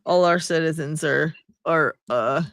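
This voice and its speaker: A man's voice: a little high, a little slow, a bit bright, clean tone, dry recording, clean studio sound. A man hosting a livestream in casual chat, laughing often and reading out viewer comments. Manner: chatty, laughs often, reads comments aloud. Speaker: livestream host.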